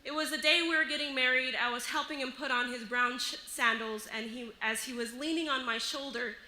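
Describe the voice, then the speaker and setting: A woman telling a personal story on stage, lively and often laughing as she goes. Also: high voice, fairly quick, roomy sound, rough recording. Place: live stage show.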